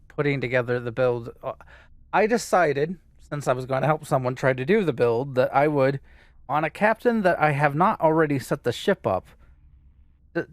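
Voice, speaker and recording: A man co-hosts a casual gaming podcast, rambling and hesitant, with many fillers and restarts as he chats. His mid-range voice is recorded with no room sound.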